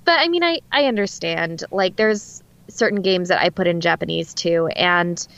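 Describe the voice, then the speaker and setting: A woman's voice: fairly low pitch, normal speed, fairly bright tone, clear, resonant tone. A woman from Alaska speaks in a neutral West Coast American accent, chatting casually as a podcast guest. She talks loosely with plenty of fillers. Her mic sounds a little dull and lo-fi. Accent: General American, West Coast. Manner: chatty, laughs often, lots of fillers. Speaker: guest voice actor.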